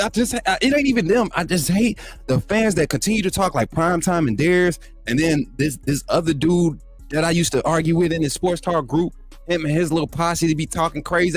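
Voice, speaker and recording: Hyped Alabama man trash-talking on a stream. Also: fairly high pitch. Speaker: live stream show host. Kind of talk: casual live stream chat, reading super chats.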